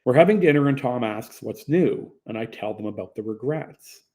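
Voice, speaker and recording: A man's voice: medium pitch, lively intonation, normal speed, dark tone. A young man narrating a first-person audiobook in a plain, conversational storytelling manner.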